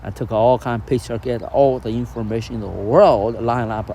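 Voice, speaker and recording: A man teaching spiritual ideas in casual conversation, animated and laughing often, with non-native grammar. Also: mid-range voice, moderate pace, slight background noise. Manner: animated, acts out quoted voices, laughs often.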